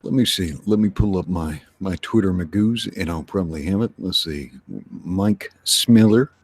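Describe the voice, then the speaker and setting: A man chatting casually on a podcast panel who also reads book pitches in a slow, low, dramatic trailer style. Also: dry recording.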